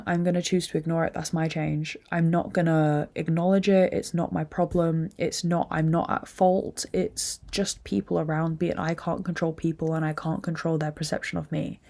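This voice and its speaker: Low-voiced woman venting. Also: vocal fry, a little mellow. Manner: emotional venting, frequent swearing. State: drained and upset. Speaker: podcast host. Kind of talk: candid solo monologue.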